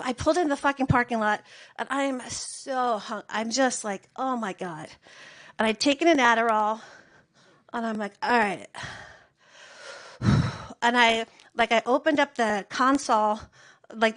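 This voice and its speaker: A woman in her thirties telling a rambling, profane personal story in a casual, animated way. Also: on the high side, low-quality recording.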